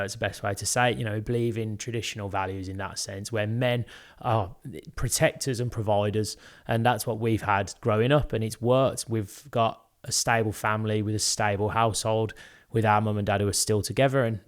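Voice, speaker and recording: A man's voice: lowish voice, fairly even intonation, a little fast. Earnest young British man, candid storytelling. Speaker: podcast co-host. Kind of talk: casual podcast chat.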